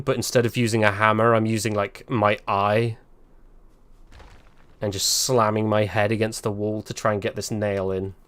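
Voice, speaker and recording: A man's voice: on the low side, smooth, dry recording. Rambling, chatty male game streamer. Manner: chatty and rambling, laughs often, complains about the game. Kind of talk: casual live-stream commentary.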